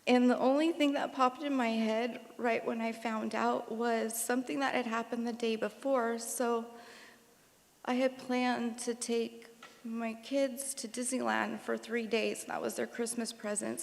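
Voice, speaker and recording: Gravelly woman eulogizing in a hall. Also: a little high, flat delivery, measured pace. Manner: emotional, rambling, many fillers. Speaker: daughter giving a eulogy. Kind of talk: memorial tribute speech. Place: concert hall. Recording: long hall reverb.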